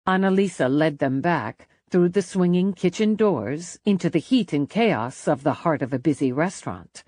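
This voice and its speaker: A woman narrating a mystery audiobook in a measured, expressive manner, close to the mic. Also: low voice, no room sound. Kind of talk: scripted narration.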